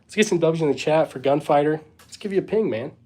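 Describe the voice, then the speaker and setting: A man's voice: a little high, animated, quick pace, warm tone. A young man hosting a casual live Q&A stream, laid-back and hesitant, reading out viewer questions and thanking people as he goes. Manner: laid-back, hesitant, lots of fillers and shrugging asides; reads chat aloud and thanks viewers. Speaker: livestream host.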